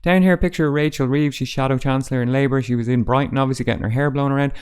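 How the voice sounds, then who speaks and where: A man's voice: medium pitch, fairly even intonation, rapid-fire, darkish tone, smooth. A man hosting a casual roundup of newspaper front pages, with dry, sarcastic asides. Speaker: host.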